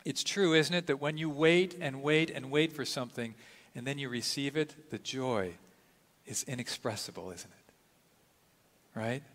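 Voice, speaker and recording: A man in his sixties preaching a sermon as pastor, dramatic, dropping to a hush and then rising to exclaim. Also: medium pitch, measured pace. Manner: dramatic, swings from hushed to exclaiming. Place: church sanctuary. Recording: long reverb of a church sanctuary.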